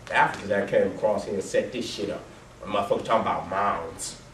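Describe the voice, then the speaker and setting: Male storyteller, profane and animated, loud then hushed; distant mic, roomy sound with faint noise behind. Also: fast. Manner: laughs often, swears heavily, swings from loud to low and quiet. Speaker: speaker presenting his life story with photos. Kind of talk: profane, animated storytelling talk to a live audience.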